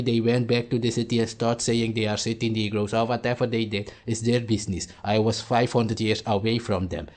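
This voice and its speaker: Man, angry rant, insulting, mid-pitched. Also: darkish tone. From Suriname. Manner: heated, insulting, repetitive. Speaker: commentator.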